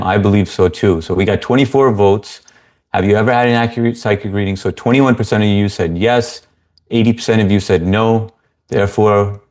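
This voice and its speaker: Low-voiced man hosting a livestream. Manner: easygoing, greets viewers by name, frequent fillers. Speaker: livestream host. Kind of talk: casual livestream chat, reading viewer comments aloud.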